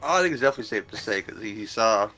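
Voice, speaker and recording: A man guesting on a podcast in casual film review chat. He talks in a relaxed way with stammering restarts. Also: fairly low pitch, racing, faint music behind.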